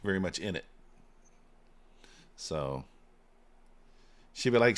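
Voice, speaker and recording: On a live trading stream, a man with a deep, low voice talks casually and rambles, leaning on fillers like "uh" and "you know" and letting his thoughts trail off into a drawn-out "so."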